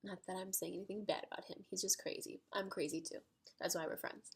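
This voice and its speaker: A woman telling a story to camera in an excitable, chatty way, full of "like". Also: on the low side, a little fast, husky. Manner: excitable, chatty, heavy use of "like". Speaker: storytime vlogger. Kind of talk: casual storytelling.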